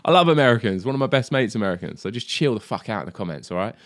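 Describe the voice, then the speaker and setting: Chatty low-voiced drummer. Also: male voice, lively intonation, racing, dry recording, studio quality. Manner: chatty, swears, says "mate" and "do you know what I mean". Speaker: drum teacher. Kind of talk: casual video lesson.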